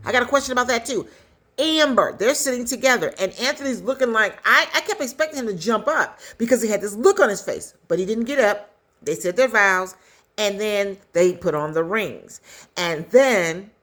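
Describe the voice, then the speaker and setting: A woman casually recapping a story in a chatty, animated way, with quick asides. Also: mid-range voice. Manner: chatty, animated retelling with acted quotes. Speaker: commentator recapping a skit.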